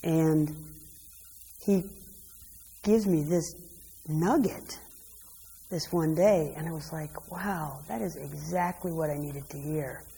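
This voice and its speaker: A woman's voice: deep voice, slow, vocal fry, long pauses, dark tone, long reverb tail, a little hiss or hum, poor audio. A woman speaking earnestly and reflectively in casual conversation. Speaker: co-host and wife.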